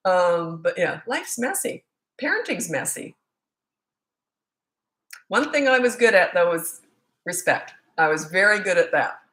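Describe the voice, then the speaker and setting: A woman's voice: lowish voice, sing-song, a little slow, pauses often, a bit bright. A middle-aged woman, a parenting coach, answering questions in a casual, blunt and joking way, rambling with asides. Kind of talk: casual Q&A monologue. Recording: roomy echo.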